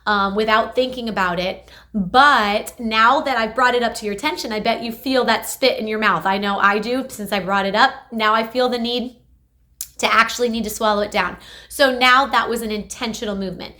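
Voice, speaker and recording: A woman speech therapist talks through exercises for patients, energetic and emphatic. Her voice sits a touch high and sounds bright and forceful. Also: normal speed. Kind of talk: instructional health video.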